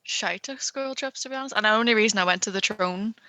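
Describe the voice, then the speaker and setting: A woman's voice: mid-range voice, fast talker, sharp tone. A young woman, co-hosting a podcast in blunt, laughing casual chat. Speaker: podcast co-host.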